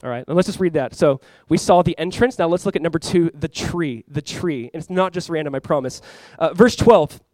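A man's voice: a little high, brisk, a little mellow, no echo. A man preaching a sermon as pastor, reading scripture with rising emphasis and breaking into conversational asides and jokes.

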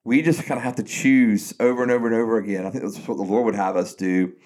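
A man's voice: fairly low pitch, steady tone, quick pace, a little mellow. A man co-hosting a podcast, chatting casually about faith and retelling a story with frequent restarts. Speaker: podcast co-host.

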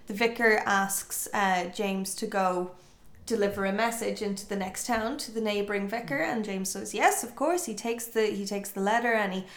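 A woman's voice: mid-range voice, creaky. A woman telling a folk tale to friends, acting out the characters' voices with lots of energy. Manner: lively, acts out voices, laughs often. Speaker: storyteller. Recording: roomy echo.

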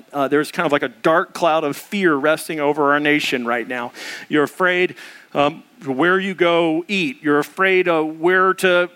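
A man delivers a sermon in a loose, conversational way. His voice sits high. The tone is bright and forward, and he acts out the quotes he tells. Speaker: preacher.

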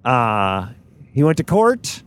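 A man hosting a podcast, chatting casually and jokily with a guest and firing off quick questions. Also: mid-range voice, huge pitch swings, a bit bright. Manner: chatty, jokey, asks lots of quick questions. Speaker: podcast host. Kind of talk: casual interview chat.

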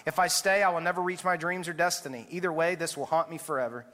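A man's voice: a little high, fairly even intonation, fast, fairly bright tone, natural voice. A man reading a fable aloud, voicing a desperate traveler on a bridge with raised, urgent pleading. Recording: echoey church hall.

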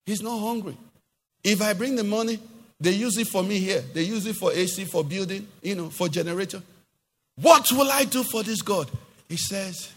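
A man preaching a sermon in a church, emphatic, asking his congregation questions and now and then singing a phrase or rising to a shout. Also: high voice, moderate pace, breathy edge. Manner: sings some phrases, rises to shouts. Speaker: pastor. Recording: long hall reverb.

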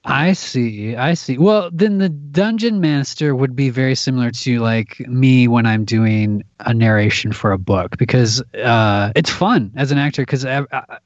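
A man's voice: mid-range voice, a little slow, hardly any pauses, no echo, highs cut off. A man who works as an actor and audiobook narrator, chatting animatedly as a podcast guest and laughing often. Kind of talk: casual conversation.

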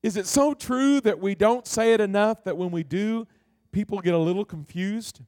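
A pastor delivering a sermon who tells stories, then slows down and drops to a soft voice to stress a point. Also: male voice, high-pitched. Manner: storytelling, slowing down and dropping soft to stress a point.

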